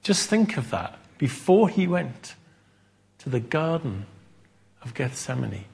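A man preaching a sermon, halting and repeating words as he thinks aloud. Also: mid-range voice, sing-song, vocal fry, darkish tone, breathy edge.

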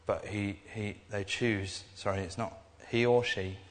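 A young man preaches in a loose, earnest ramble, circling back and restarting his thoughts often. His voice sits on the low side, and it carries a long echo that hangs in the hall. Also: fairly even intonation, unhurried. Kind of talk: informal sermon. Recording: echoey hall.

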